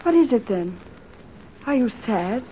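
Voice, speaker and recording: An actress playing an affectionate young bride in an old-time radio drama, speaking in a sweet, coaxing way. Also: female voice, a little high, very animated, unhurried, muffled recording, a little hiss or hum. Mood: doting.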